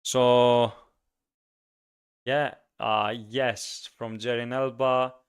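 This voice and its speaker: A man's voice: mid-range voice, flat delivery, very slow, clear, resonant tone. A man hosting a casual solo podcast, speaking emphatically and ranting with frequent repeats. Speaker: podcast host.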